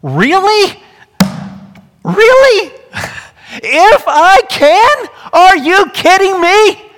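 A commanding teacher figure speaks in a loud, high voice, emphatic and incredulous, as a preacher acts him out. Long reverb trails every word. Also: male voice, expressive, a little slow.

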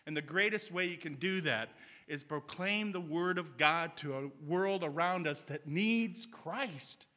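A man preaching a sermon, his voice very bright and sitting a little high for a man. He speaks earnestly and tells stories with quoted dialogue, and long church-hall reverb trails after each phrase. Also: measured pace. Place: church sanctuary.

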